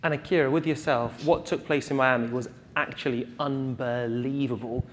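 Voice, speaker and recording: A man's voice: mid-range voice, steady tone, moderate pace, slight background noise. A man hosting a press conference, introducing athletes and asking questions in an upbeat, showy way.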